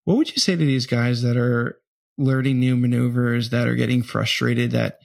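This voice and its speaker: A man's voice: mid-range voice, normal speed, gravelly, no room sound, clean studio sound. A man hosting a podcast, chatting casually and asking curious questions. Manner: laughs easily, relaxed and curious. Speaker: podcast host. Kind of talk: casual interview chat.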